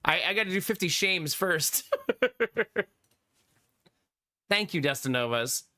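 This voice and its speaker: A man livestreaming and chatting casually with his viewers, laughing often and teasing, his voice gruff from being sick. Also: on the high side, animated, slow pace, bright, forceful tone, no echo, studio quality.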